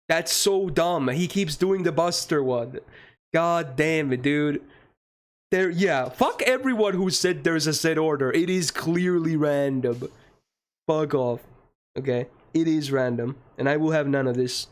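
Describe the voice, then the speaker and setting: A man's voice: on the high side, unhurried. A man streaming a game live, talking casually to his chat and getting frustrated, swearing and ranting about the game.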